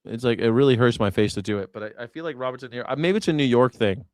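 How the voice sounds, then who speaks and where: A man's voice: mid-range voice, lively intonation, rapid-fire, dry recording, studio quality. Joking man riffing on a live stream. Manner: rambling, joking riffs. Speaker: host. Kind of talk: casual live-stream commentary.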